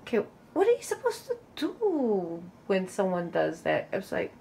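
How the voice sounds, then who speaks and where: A woman's voice: medium pitch, huge pitch swings, moderate pace, creaky, poor audio. A woman vlogger telling a rambling personal story in a casual, chatty way, full of fillers and restarts. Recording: faint background water noise. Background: loud waterfall noise.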